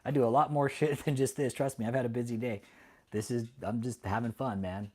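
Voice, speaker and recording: A man's voice: medium pitch, steady tone, fairly quick, darkish tone. Profane, heated man streaming to chat. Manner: profane, heated, laughs often; talks directly to chat viewers. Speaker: livestream host. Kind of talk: casual livestream commentary to chat.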